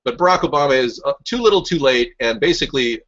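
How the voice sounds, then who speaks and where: A man's voice: medium pitch, animated, fast, a bit bright, muffled recording. A man hosting a rambling political talk show, answering live chat in a combative, mocking and sarcastic way.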